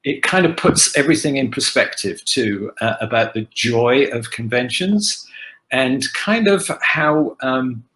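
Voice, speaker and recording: Older man, guest actor on a video call from home, lively storyteller, bright and forceful tone. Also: medium pitch, measured pace, low-quality recording. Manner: animated anecdotal storytelling. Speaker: guest actor answering fan questions. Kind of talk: casual virtual panel Q&A. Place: home kitchen.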